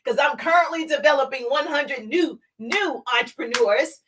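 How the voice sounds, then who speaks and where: A woman with a high, bright, forceful voice coaches her viewers through a motivational livestream. She talks with emphatic energy and drives her points home by repeating them, speaking directly to the people watching. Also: normal speed, a little hiss or hum. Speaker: business coach.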